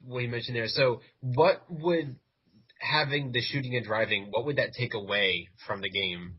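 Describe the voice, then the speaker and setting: Husky-voiced man on a lo-fi podcast. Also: medium pitch, moderate pace. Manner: jokey, puts on silly voices. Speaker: podcast co-host. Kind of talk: casual chat. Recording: dull lo-fi sound.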